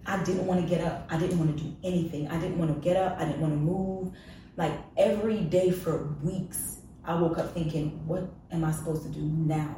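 A woman with a low, deep voice shares a personal story as a podcast guest, frank and confessional, leaning on emphatic repeats. She sits a little off the mic in a very echoey room with a faint hiss underneath. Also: fairly even intonation, normal speed, dark tone, far from the mic.

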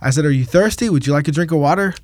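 A man, a pastor, telling a faith story in casual podcast talk, acting out the quotes with lively energy. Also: fairly high pitch, rapid-fire, no room sound, studio quality. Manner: animated preaching storyteller, acts out quotes.

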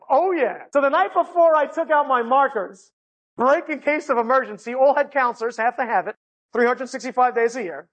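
Brief: an animated male storyteller, humorous, speaking to a live audience. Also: very high-pitched. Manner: animated, humorous, often laughing, voices the people in the story. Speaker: inspirational speaker.

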